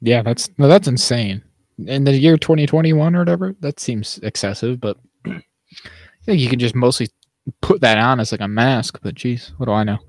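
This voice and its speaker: A man co-hosting a podcast in casual chat. He laughs often and jumps higher when he acts out characters' lines. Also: normal speed, no echo, clean studio sound. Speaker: podcast co-host.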